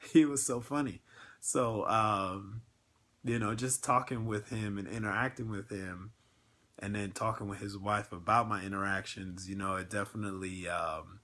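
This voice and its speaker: This man's voice is lowish and a little bright. He's hosting a laid-back network marketing livestream, speaking earnestly and with real emotion, his talk full of fillers and ums.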